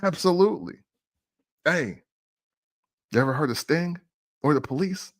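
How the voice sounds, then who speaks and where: A man's voice: fairly high pitch, animated, measured pace. A man hosting a casual music talk show, arguing playfully and laughing often.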